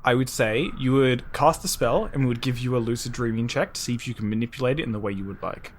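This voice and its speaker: A man running a tabletop role-playing game as game master, narrating scenes slowly and deliberately. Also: medium pitch, a little hiss or hum.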